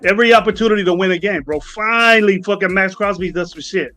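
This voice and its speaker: A man's voice: sits high, fast talker, bright, forceful tone, faint music behind. A man co-hosting a sports podcast, talking in a heated, emphatic way and hammering the same phrases. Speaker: podcast co-host. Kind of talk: casual postgame rant.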